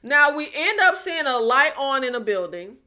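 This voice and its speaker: A woman recaps a TV episode in a high, very animated voice with a sharp tone and a moderate pace. As a recap vlogger she sounds casual and exasperated, calling viewers "y'all" and throwing sarcastic rhetorical questions their way.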